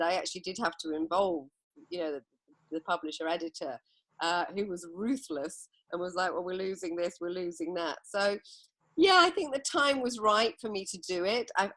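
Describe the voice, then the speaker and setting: Middle-aged woman from England, author guest, lowish dry voice, anecdotal. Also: a bit bright, dry recording. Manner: reflective, anecdotal storytelling. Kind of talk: podcast interview.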